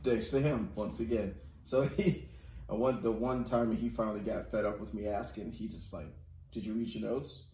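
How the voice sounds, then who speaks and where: A man's voice: fairly low pitch, steady tone, moderate pace, mellow. A man chatting casually on a podcast, who laughs a lot and pokes fun at himself. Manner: laughs often, self-deprecating. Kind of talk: casual chat. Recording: echoey room, faint noise.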